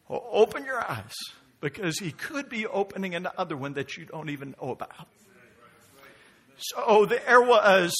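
A middle-aged male preacher with a husky, bright voice that sits high and swoops widely in pitch. He preaches slowly and deliberately, stacking repeated questions with building emphasis. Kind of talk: sermon.

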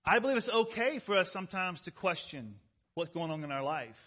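Emphatic pastor with a bright high voice. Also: male voice, animated, fairly quick. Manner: emphatic, asks the congregation questions; rises loud on key words, drops soft and intimate. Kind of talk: sermon.

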